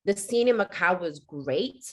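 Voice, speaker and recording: A woman's voice: fairly low pitch, animated, measured pace, fairly bright tone. Chatty young woman telling stories. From United Kingdom. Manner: chatty, storytelling, acts out quotes. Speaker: podcast co-host. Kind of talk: casual storytelling chat.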